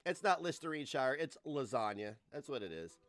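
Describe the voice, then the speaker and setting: A man in his forties streaming live, ranting in a crude, mocking, loud way. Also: mid-range voice, very animated, normal speed, dry recording. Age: 40s.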